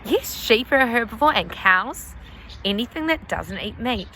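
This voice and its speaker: A woman reading a picture book aloud to children in an animated, sing-song way, asking the listener questions along the way. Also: a little high, normal speed, a little hiss or hum. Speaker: storyteller for children.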